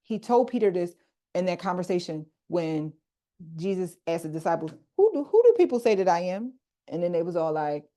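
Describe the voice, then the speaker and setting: A woman coaching a group on a video call, teaching in a casual, animated way and talking straight to her listeners with slang. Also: on the low side, normal speed. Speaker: coach leading a group workshop.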